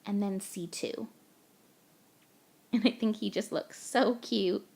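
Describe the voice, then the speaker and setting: A woman's voice: mid-range voice, steady tone, slow pace, gravelly, darkish tone, slightly rough. A young woman from Canada, gushing and chatty as she talks through a card-making tutorial voice-over step by step.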